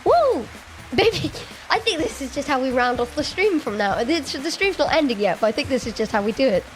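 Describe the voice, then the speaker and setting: High-voiced, giggly Australian woman streaming. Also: lively intonation, fast talker. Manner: chatty, giggly, thinking aloud. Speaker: Minecraft streamer. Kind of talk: casual live-stream commentary. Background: faint background music.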